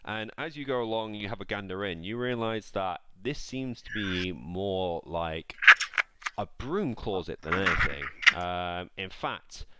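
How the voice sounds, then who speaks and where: A man's voice: low voice, expressive, measured pace, very noisy. A man narrating a tabletop game as game master, describing scenes in a rambling way with many fillers.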